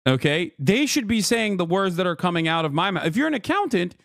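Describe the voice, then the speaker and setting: Exasperated high-voiced male streamer. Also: very animated, creaky, fairly bright tone, no echo, clean studio sound. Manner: exasperated, incredulous, rapid rants. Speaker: streamer reacting to news. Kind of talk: profane political commentary.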